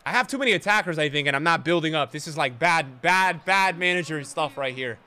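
Providing live commentary while streaming a football game, a young man talks casually with his audience, full of slang, shifting between quiet mutters and excited yelling. His tone is clear and resonant, his pace brisk.

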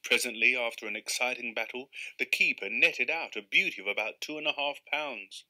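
A man's voice: mid-range voice, fairly quick, pushed and bright. A man reading a comic short story aloud live, then chatting casually about it. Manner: casual, chatty asides with fillers. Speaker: reader.

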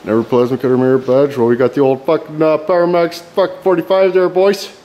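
A man's voice: on the high side, little pitch movement, quick pace, mellow. Foul-mouthed man vlogging. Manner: profane, rambling, self-apologizing. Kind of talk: casual vlog chat. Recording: vehicle and outdoor noise.

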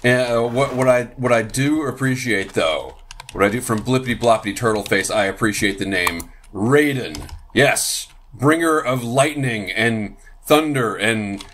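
Unhurried and fairly bright in tone, this medium-pitched male gaming channel host talks through his gameplay in a relaxed, jokey way. Playfully, he addresses his game horse with mock apologies. Slight background noise sits behind him.

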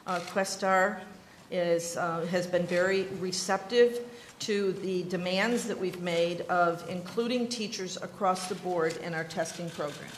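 A woman from New York testifying as education commissioner at a legislative hearing, speaking in a measured, self-assured, explanatory way. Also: fairly low pitch, steady tone, slight background noise. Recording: echoey hearing room.

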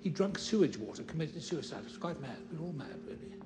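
Edmund Burton, an eccentric older lord. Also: male voice, a little high, very animated, heavy background noise. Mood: dry. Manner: brisk, dry, rambling.

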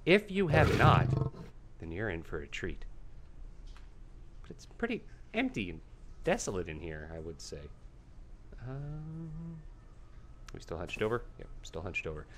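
A let's-play host giving casual gameplay commentary, excitable and talking to viewers and to the game animals. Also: mid-range voice, a little slow, pauses often, a little hiss or hum.

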